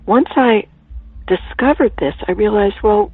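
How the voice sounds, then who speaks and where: A woman author telling stories as a guest on a radio interview, animated, at times dropping to a soft whisper, heard over a phone line. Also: fairly low pitch, moderate pace, vocal fry, breathy edge, no echo. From Ireland. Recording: tinny phone line, dry.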